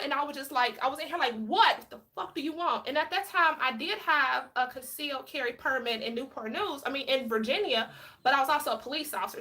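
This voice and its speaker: A woman, a former police officer, talking casually to camera in an animated, frank and outspoken way. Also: high voice. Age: adult with a child.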